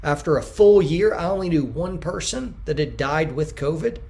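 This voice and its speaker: A man in an interview who answers at length and acts out the quotes he tells, sometimes bursting out loudly. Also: on the high side, lively intonation, normal speed, vocal fry. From United States. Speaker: podcast guest.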